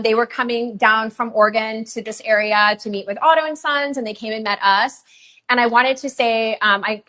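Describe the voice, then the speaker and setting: A woman hosting a live shopping stream for roses, chatting casually with lots of fillers and pauses. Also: on the high side, sharp tone. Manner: chatty, many fillers, emotional at times. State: tearful. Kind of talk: live sales stream chat. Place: rose farm, humid.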